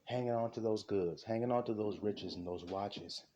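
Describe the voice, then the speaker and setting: A man preaching an impassioned sermon, fervent and repetitive, with a husky voice. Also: lowish voice, moderate pace, mellow, lo-fi sound. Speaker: street preacher.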